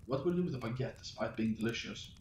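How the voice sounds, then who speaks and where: Man haltingly reading his own story. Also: medium pitch, animated, a little mellow. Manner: halting, stumbling reading with restarts. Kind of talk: reading a fantasy story aloud. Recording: roomy, distant mic with faint noise.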